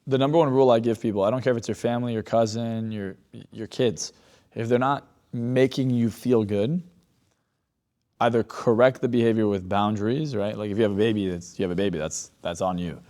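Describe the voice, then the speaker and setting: A man's voice: on the low side, fairly even intonation, a little fast, a little mellow. A man, a hypnotist guest on a podcast, talking bluntly and confidently in casual conversation, acting out quoted exchanges as he tells stories. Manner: blunt, confident storyteller who acts out quoted dialogue.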